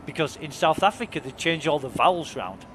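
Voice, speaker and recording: A man's voice: a little high, lively intonation, brisk, noisy background. A man chatting casually and enthusiastically while streaming a game, swearing freely. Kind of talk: casual chat while gaming.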